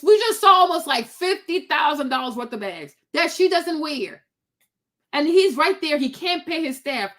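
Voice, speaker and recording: A woman host giving blunt, animated reaction commentary in a casual rant. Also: sits high. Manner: blunt, animated, preachy ranting.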